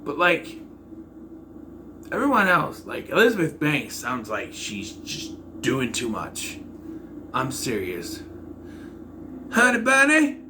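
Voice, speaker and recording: A man giving a casual, rambling spoken movie review, often clearing his throat. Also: mid-range voice, lively intonation, takes it slowly, long pauses, noisy background.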